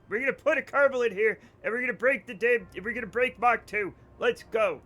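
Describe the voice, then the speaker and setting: A man's voice: sits high, fairly quick, few pauses, faint music behind. A young man streaming a space flight game, chatting with his viewers, swearing freely and ranting in mock anger. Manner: animated, answers chat, swears freely, mock-angry rants. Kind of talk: casual live-stream commentary.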